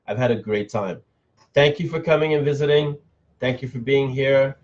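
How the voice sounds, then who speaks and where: A man hosting a casual live stream, chatting loosely and answering viewers' comments as he goes. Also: on the low side. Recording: dull, slightly lo-fi stream audio.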